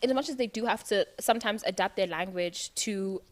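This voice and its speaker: A woman's voice: medium pitch, fairly quick. Earnest young woman on a panel. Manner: earnest, thoughtful, uses "like" a lot. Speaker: youth talk show panelist. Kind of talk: casual panel discussion.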